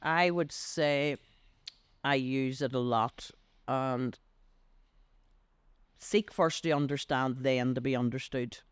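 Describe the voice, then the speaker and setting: An older woman with a Northern Irish accent, a business coach being interviewed on a podcast, telling stories with lively acted-out voices. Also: takes it slowly, pauses often, smooth, dry recording. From Northern Ireland. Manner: animated, acts out quoted voices with big pitch leaps. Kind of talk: podcast interview, anecdotal storytelling.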